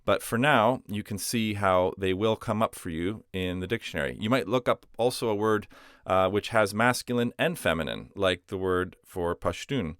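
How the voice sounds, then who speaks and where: A man's voice: lowish voice, fairly bright tone, dry recording, studio quality. A man teaching a language lesson, explaining patiently with simple everyday comparisons. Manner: patient, uses simple analogies.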